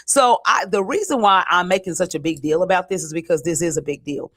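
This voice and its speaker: A woman co-hosting a community morning show, chatting casually with enthusiastic, steady storytelling. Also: on the low side, fairly quick. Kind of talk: casual chat.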